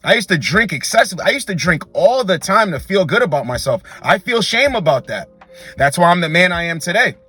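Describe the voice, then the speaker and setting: A man's voice: high-pitched, sing-song, brisk, pushed and bright, slightly rough, soft background music. A young man hosting a dating advice monologue, blunt and emphatic, repeatedly calling the listener bro. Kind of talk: direct-to-camera advice monologue.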